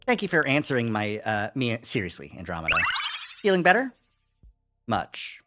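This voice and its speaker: A streamer playing through a story game live, reading choices aloud with wry, deadpan asides. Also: mid-range voice, normal speed, pauses often, loud music behind the voice.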